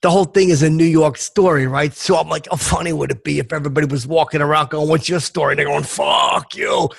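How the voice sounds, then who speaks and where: A man's voice: on the high side, steady tone, quick pace, gravelly, husky, exaggerated voice. A man voicing a crude, boastful tough guy in a comedy podcast, cocky and swearing as he talks up his own ideas. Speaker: podcast co-host. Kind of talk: comedic character improv.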